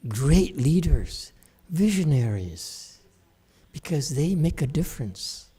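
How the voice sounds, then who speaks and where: A man's voice: a little high, big pitch swings, slow, warm tone, husky. A middle-aged man, a Buddhist teacher, giving a chatty dharma lecture with digressive asides and frequent laughs. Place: temple hall.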